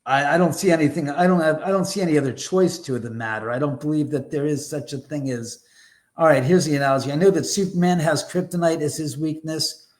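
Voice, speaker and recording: Emphatic rambling man, a bit high. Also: brisk. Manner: emphatic, rambling, blunt with mild swearing. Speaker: guest, haunted house owner. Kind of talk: animated conversational storytelling.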